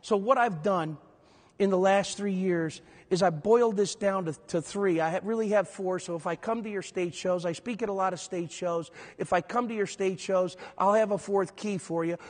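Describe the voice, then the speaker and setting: A man giving an energetic breakout talk at a trade convention, quizzing the crowd and sometimes shouting out to the room. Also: sits high, moderate pace. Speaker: conference speaker. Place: large convention hall. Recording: hall reverb, speaker from far off.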